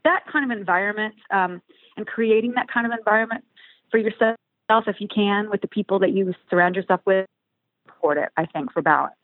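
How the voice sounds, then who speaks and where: A woman's voice: medium pitch, brisk, no room sound. Brief: fifty-something woman musician, casual, rambling restarts, thin phone-line sound, dry. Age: 50s. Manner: warm, rambling, with many restarts. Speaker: touring musician guest. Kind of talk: casual interview chat.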